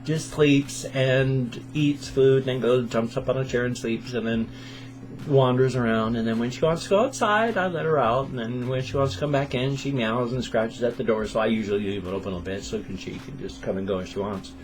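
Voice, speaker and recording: A man in his fifties with a sore throat, chatting casually at home in a morning vlog and telling stories with animated sound effects. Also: medium pitch, brisk, faint music behind. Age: 50s. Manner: animated storyteller who makes sound effects. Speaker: video blogger.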